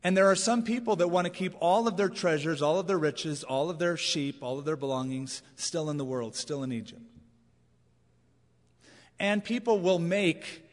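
A man's voice: on the high side, moderate pace. A man preaching a sermon as a pastor, in a conversational, emphatic way with anecdotes. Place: large church auditorium. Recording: long reverb of a large hall.

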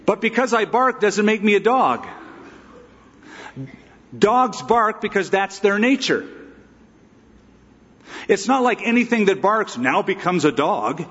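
A man's voice: sits high, expressive, slow, long pauses, a bit bright, in a large hall, dull audio. A pastor giving an emphatic, conversational expository sermon, asking his listeners rhetorical questions.

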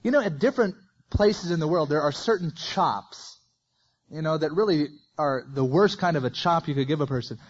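Man preaching, husky voice, folksy asides, scripture reading, dull lo-fi sound. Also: a little high, lively intonation, moderate pace. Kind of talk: verse-by-verse sermon.

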